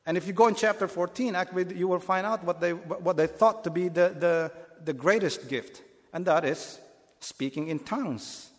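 A man's voice: sits high, moderate pace, in a large hall. A man preaching a Bible teaching sermon, earnest and explanatory, often restarting his phrases.

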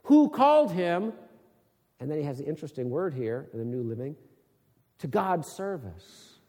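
A man's voice: on the high side, big pitch swings, moderate pace, dark tone. Man preaching a Bible sermon, emphatic questioning delivery, long reverb of a hall. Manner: reads scripture aloud, then explains it with rising emphatic questions. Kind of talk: sermon-style Bible teaching.

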